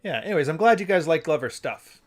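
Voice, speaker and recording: A man's voice: on the high side, animated, quick pace, faint music behind. A man hosting a casual solo show, talking in a loose, rambling way and reading passages aloud. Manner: rambling, conversational, self-correcting. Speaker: podcast host.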